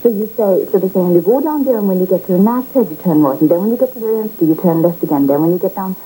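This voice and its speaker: Woman, talk show guest, hesitant and chatty, mellow tone, old TV recording with faint hiss. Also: mid-range voice, fast talker, poor audio. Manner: hesitant, restarting, laughs often. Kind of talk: casual talk show chat. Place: TV studio. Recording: 1980s TV broadcast with faint hiss.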